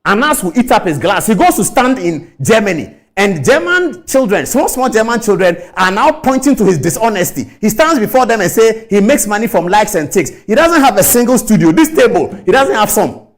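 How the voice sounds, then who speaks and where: High-voiced, fiery male commentator. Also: very animated, brisk. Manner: indignant, rhetorical, mimics others in quotes. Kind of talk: impassioned commentary.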